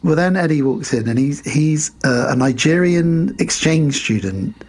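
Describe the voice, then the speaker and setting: A man's voice: on the high side, expressive, measured pace, darkish tone, breathy edge. A man co-hosting a podcast, casually retelling film scenes with lots of fillers. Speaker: podcast co-host. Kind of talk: casual film-review chat.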